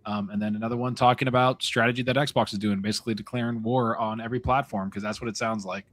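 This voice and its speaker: A man's voice: medium pitch, steady tone, fast, a bit bright. A man on a gaming podcast as a guest, blunt and brash, swearing freely. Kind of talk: casual gaming podcast chat.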